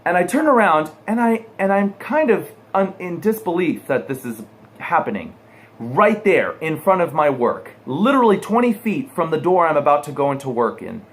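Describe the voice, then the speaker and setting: A man's voice: fairly high pitch, moderate pace. A man from the United States telling a personal anecdote to his viewers, acting out the people in it. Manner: animated storyteller, acts out quotes. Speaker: pool guy vlogger. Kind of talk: personal anecdote told to camera.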